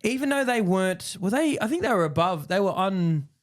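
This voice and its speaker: A man's voice: sits high, big pitch swings, brisk. A man co-hosting a rugby league podcast, talking in a blunt, casual way with swearing and slang. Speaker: podcast co-host. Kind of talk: casual sports chat.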